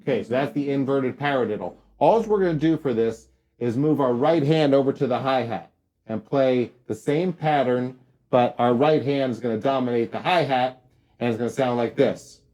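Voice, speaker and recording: A man giving a casual drum lesson, talking straight to viewers in a relaxed, upbeat way. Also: mid-range voice, moderate pace, soft background music. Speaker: drum teacher. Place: drum studio.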